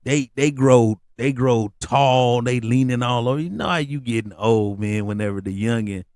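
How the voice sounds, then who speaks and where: A man's voice: moderate pace, no room sound, studio quality. A middle-aged man hosting a podcast, telling comedic stories in slangy casual talk, with his voice jumping up on the punchlines. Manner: animated, slangy storytelling with rising pitch on asides. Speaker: podcast host.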